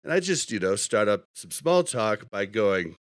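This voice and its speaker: A man's voice: on the low side, big pitch swings, moderate pace, no room sound, studio quality. A man hosting a podcast, telling rambling stories in casual chat and laughing often. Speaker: podcast host.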